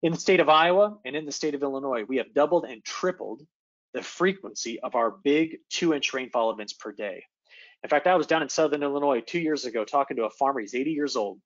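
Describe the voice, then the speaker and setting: A man, an atmospheric scientist, giving an animated forecast presentation in a virtual meeting, often checking in with his audience. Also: mid-range voice, dull audio. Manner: animated, engaging, addresses audience with quick checks. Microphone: video call.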